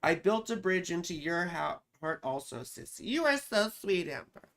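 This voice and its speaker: A woman's voice: on the low side, big pitch swings, moderate pace, fairly bright tone. A woman astrologer hosting a live stream, chatting casually, reading out viewer comments, swearing freely and joking at her own expense. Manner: joking, profane, teasing.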